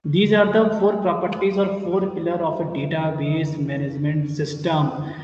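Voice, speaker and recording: A man giving a classroom lecture, explaining slowly with repetitions and fillers. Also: on the high side, flat delivery, darkish tone. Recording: echoey room, distant mic, muffled.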